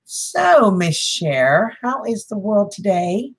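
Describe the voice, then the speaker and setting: A woman's voice: low-pitched, expressive, moderate pace. A woman, hosting a casual livestream, chatting with viewers, greeting them by name and laughing often. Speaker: livestream host.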